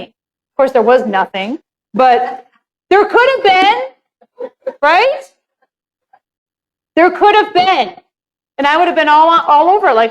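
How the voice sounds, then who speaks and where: A woman's voice: high voice, animated, normal speed, low-quality recording. A woman presenting a live real estate seminar, chatty and candid, swearing casually as she talks.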